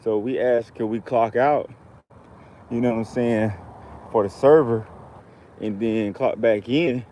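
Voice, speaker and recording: A man's voice: mid-range voice, fairly even intonation, unhurried, long pauses, warm tone, slight background noise, rough recording. A man from Georgia, telling a heated, profane story in a casual rant to camera. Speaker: vlogger.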